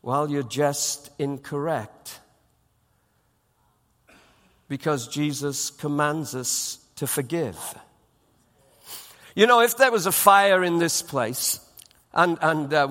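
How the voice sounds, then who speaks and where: A man's voice: a little high, unhurried, long pauses, fairly bright tone, in a large hall. A man preaching a sermon as pastor, emphatic and repeating his phrases for weight. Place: church auditorium.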